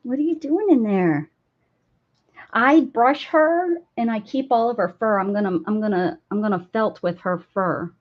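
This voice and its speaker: On a casual crafting livestream in her cluttered home, a woman with a highish voice speaks at a moderate pace. She chats, offers apologies to the people watching, and coos at her pets. The recording is dull, lo-fi, and faintly noisy.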